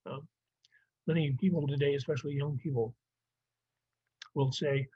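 A man's voice: a little high, fairly even intonation, normal speed, long pauses, breathy edge, no room sound. A man teaching a Bible survey lesson, explaining plainly with some fillers and restarts. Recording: dry, muffled lo-fi recording.

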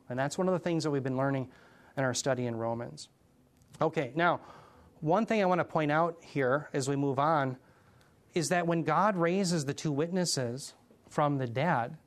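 An earnest middle-aged man leading a verse-by-verse Bible study. His voice sits somewhat high for a man, and he often stops to put rhetorical questions to his listeners. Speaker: Bible teacher.

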